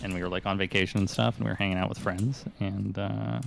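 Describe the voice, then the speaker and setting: A man's voice: lowish voice, fairly even intonation, fast talker, creaky. A man hosting a call-in stream, telling rambling stories with lots of fillers and laughs. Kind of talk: casual chat.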